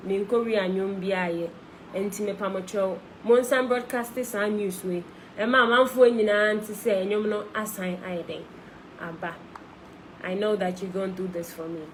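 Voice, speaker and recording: A woman's voice: mid-range voice, slight background noise, low-quality recording. A young woman with a Ghanaian accent chatting on a live stream from her phone, mixing English and Twi with an effusive, talkative manner. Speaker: singer on a live video. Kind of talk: casual live-stream chat.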